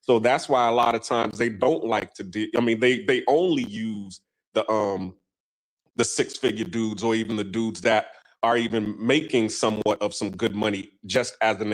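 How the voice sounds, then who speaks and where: A man with a lowish voice hosts a casual talk show, wandering through long stories full of ums and restarts. The recording quality is low.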